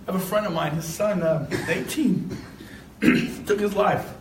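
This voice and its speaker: An older man giving a motivational real estate talk to an audience, telling lively stories and breaking into shouts and laughs. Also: high-pitched, measured pace, a little hiss or hum. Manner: animated storyteller, shouts and laughs. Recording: echoey room from a distance.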